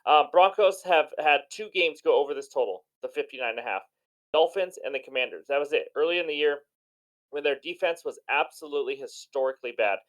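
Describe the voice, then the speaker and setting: A man with a slightly raised voice rattles through his sports betting picks at a rapid clip. He sounds hoarse but stays enthusiastic and chatty, with a self-deprecating streak. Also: fairly high pitch, a bit bright, low-quality recording. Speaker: sports betting channel host. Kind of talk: energetic sports betting commentary.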